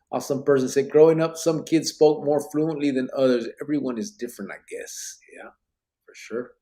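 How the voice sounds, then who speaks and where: A man's voice: mid-range voice, fairly quick, dark tone. A man hosting a podcast, reading live comments in casual chat, laughing often and dropping Spanish slang. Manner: laid-back, laughs often, drops Spanish and barrio slang. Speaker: podcast host.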